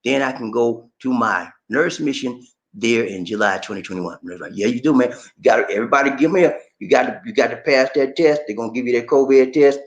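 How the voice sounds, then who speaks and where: A man hosting a casual livestream, reading viewer comments aloud and reacting to them in a lively, talkative way. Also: mid-range voice, fairly quick. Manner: animated, shouts catchphrases, reads comments aloud and reacts.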